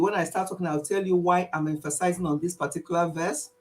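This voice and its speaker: A woman's voice: lowish voice, steady tone, quick pace, distant mic, rough recording. Woman host, earnest prayer and chat, playful teasing, video-call sound. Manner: earnest, repeats herself, teases listeners playfully. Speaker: host leading an online praise and health session. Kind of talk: casual spoken prayer and chat.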